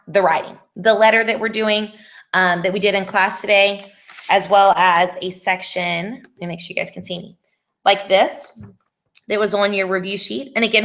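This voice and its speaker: A woman's voice: medium pitch, a bit bright. Young female teacher, casual and patient, thinks aloud on a laptop video call. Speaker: Spanish teacher. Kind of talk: online class review session.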